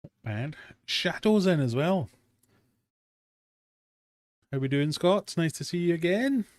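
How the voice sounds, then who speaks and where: A man's voice: fairly high pitch, expressive, takes it slowly, a little mellow, no room sound. A British man hosting a live-stream quiz from his fish room, reading out questions and chatting with self-mocking dad jokes.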